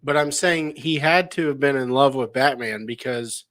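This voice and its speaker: A man's voice: mid-range voice, moderate pace, fairly bright tone, no echo. A man co-hosting a podcast in casual chat, telling rambling stories with frequent chuckles. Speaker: podcast co-host.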